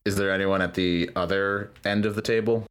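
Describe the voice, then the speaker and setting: A man's voice: deep voice, fairly even intonation, fairly quick, clear, resonant tone. A man playing a tabletop game, joking and playful. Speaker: player. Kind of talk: casual tabletop play. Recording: faint music behind.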